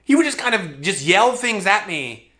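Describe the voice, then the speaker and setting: A man's voice: sits high, very animated, moderate pace, sharp tone. A young man telling a comedic childhood story in a vlog, exaggerating and laughing at his own jokes.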